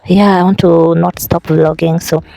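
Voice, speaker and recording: A vlogger casually chatting, then reading a book aloud in a halting way, restarting and correcting words. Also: medium pitch, little pitch movement, creaky, mellow, poor audio. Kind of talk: casual vlog and unpolished read-aloud.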